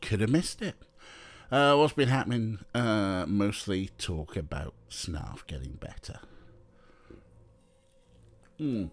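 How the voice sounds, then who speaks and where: A man chatting casually on a livestream, often cooing at his cats in a high sing-song voice. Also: slow pace, long pauses. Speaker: streamer.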